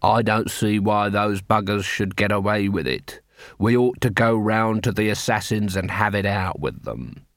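A man voicing a nervous, secretive male clown who mumbles and hisses in a low voice. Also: measured pace, a bit bright, no room sound, studio quality. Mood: hushed.

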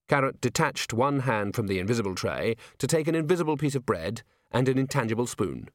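A man's voice: medium pitch, lively intonation, a little fast, few pauses, no room sound. Male audiobook narrator, dry close sound.

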